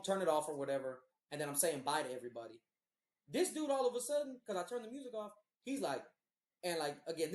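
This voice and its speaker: A man's voice: a little high, a little mellow. A man hosting a podcast, telling a long story in a casual, rambling and profane way. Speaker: podcast host. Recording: roomy echo.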